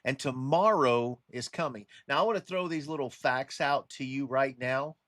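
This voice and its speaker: A man talks straight to the camera in a loose, rambling monologue at a middling pitch. He stops, restarts and circles back, with an urgent, warning edge. The recording is dry and close, with no room sound. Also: normal speed, a bit bright, dry recording. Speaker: religious commentary vlogger. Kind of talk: casual monologue.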